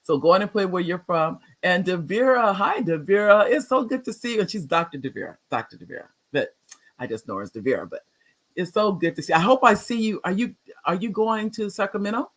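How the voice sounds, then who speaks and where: A talkative older man in his sixties hosts his own live online show, his voice sitting a little higher than most men's. He rambles warmly through announcements and shout-outs, often restarting sentences. His voice jumps up with excitement when he greets someone. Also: fairly quick. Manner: chatty and rambling, greets viewers by name with excited upswings. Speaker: talk show host. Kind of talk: livestream talk show chat.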